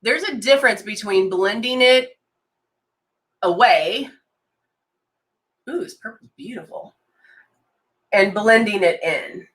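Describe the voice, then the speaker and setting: Bright-voiced woman demoing makeup live. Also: medium pitch, slow pace, pauses often. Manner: chatty and enthusiastic, reads out viewer comments. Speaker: makeup consultant hosting a live demo. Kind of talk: casual live-stream product demo.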